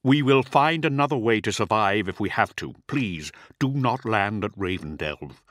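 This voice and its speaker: A man voicing a calm, loyal male officer who speaks earnestly and in measured tones. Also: fairly low pitch, no echo, studio quality.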